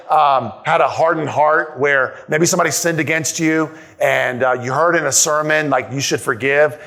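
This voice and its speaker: In a church sanctuary, a male pastor preaches a sermon emphatically, repeating key lines and asking rhetorical questions. His voice is medium in pitch and a bit bright.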